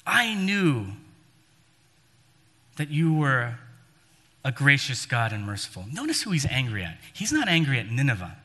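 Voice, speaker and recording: A man's voice: mid-range voice, very animated, a little fast, a bit bright. A man preaching a sermon, telling a story and acting out the lines he quotes with emphasis that rises and falls. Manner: storytelling, voices quoted figures with rising and falling emphasis. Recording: long hall reverb.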